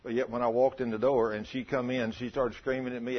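A man's voice: mid-range voice, level tone, a little fast, slightly rough, highs cut off. A man preaching a testimony sermon in a folksy, dramatic storytelling way. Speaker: lay preacher.

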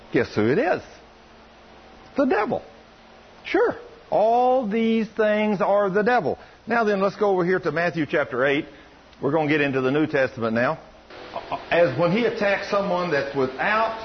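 Male preacher, folksy storyteller, husky voice, dull radio sound. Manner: folksy, animated, rises high when quoting others. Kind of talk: sermon storytelling.

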